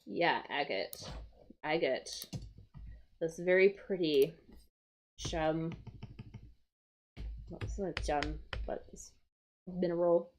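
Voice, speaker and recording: A woman's voice: fairly low pitch, fairly even intonation, dark tone, slight background noise. A woman teaching English vocabulary on a live stream, thinking aloud as she works through crossword clues. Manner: slow, explaining, thinking aloud.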